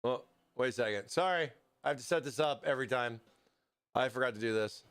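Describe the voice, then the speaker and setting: This American livestream host has a mid-range voice, a little fast, fairly bright, and clear with a resonant tone. He chats casually with viewers as he assembles a PC, frequently stopping mid-sentence to answer chat.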